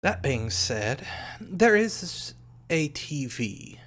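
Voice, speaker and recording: A man's voice: on the high side, very animated, extremely slow, fairly bright tone. Man narrating as game master.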